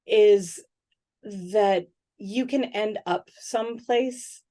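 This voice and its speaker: A middle-aged woman sociologist answering interview questions in a thoughtful, conversational way, often pausing with "um" and checking in with "right?". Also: mid-range voice. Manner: thoughtful, many "um"s and "right?" tags, animated when quoting others.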